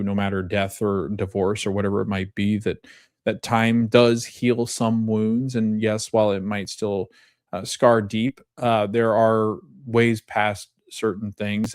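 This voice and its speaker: This podcast host has a lowish voice, captured in studio quality with no room sound. Retelling a TV episode, he's casual and rambling, frequently correcting himself and chuckling at the scenes.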